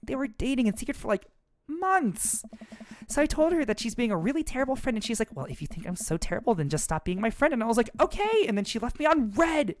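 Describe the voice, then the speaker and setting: Man doing a teenage girl, venting, high swooping voice, dry close mic, game dialogue. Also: sing-song, fast talker, no room sound. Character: upset teenage girl, dramatic and hurt. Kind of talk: let's-play dialogue reading.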